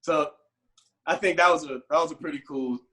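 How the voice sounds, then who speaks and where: A man, a guest musician, telling a story in casual talk and acting out the people he quotes with big jumps in pitch. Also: a little fast, pushed and bright.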